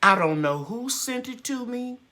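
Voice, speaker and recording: A woman's voice: a little high, lively intonation, moderate pace, sharp tone. A woman hosting a gardening channel's live stream chat, talking in a heartfelt, grateful and encouraging way.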